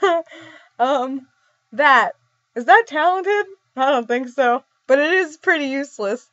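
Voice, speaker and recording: A woman's voice: sits high, lively intonation, unhurried, fairly bright tone, dry recording. A young woman vlogging in a casual, rambling way, giggly and self-deprecating as she answers questions. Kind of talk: casual chat. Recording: dull dry lo-fi recording.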